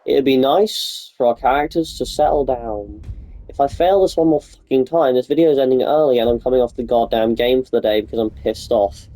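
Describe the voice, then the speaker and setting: A man's voice: mid-range voice, a little fast, warm tone, poor audio. A young man with a cold, rambling and swearing casually as he comments over his gameplay. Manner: rambling, profane, offhand. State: sick. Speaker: gaming YouTuber.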